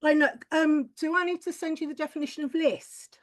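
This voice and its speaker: A woman's voice: high voice, fairly even intonation, a little fast. A woman performing a stand-up comedy set, blunt and crude, with chatty tangents and frequent swearing.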